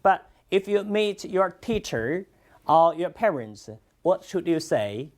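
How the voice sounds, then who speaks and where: Students in a classroom hear a native Chinese speaker teaching them Chinese through English. The teacher's medium pitch carries a slow, warm style with steady, much-repeated praise.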